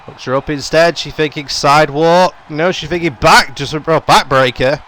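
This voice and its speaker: A man's voice: fairly high pitch, normal speed, a bit bright. A young man giving running play-by-play commentary on a wrestling video game, his voice jumping up on the big moves. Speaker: gaming YouTuber.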